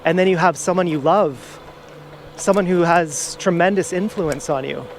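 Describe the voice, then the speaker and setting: A man's voice: sits high, moderate pace. A man telling a personal story outdoors in a rambling, confessional way, swearing freely. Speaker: vlogger. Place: outdoors in a town, walking around. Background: faint urban traffic.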